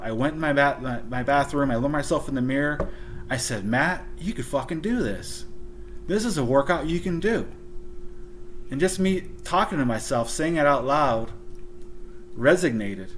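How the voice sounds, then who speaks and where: Man, podcast guest, blunt, emphatic, swears a lot, mid-pitched voice, faint hum. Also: a bit bright. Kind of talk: candid conversational storytelling.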